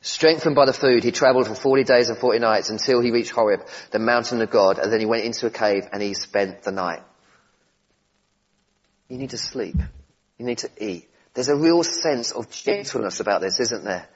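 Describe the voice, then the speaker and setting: A husky-voiced man preaches a sermon in a relaxed, conversational manner, with gentle humour and asides to the congregation. His voice is pitched in an ordinary middle range. The recording sounds a little dull and muffled. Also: moderate pace.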